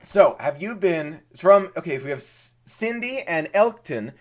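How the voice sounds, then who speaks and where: A man from Maryland hosting a live stream, casually chatting and greeting viewers. He sounds eager and excitable and often repeats words. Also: on the high side, unhurried.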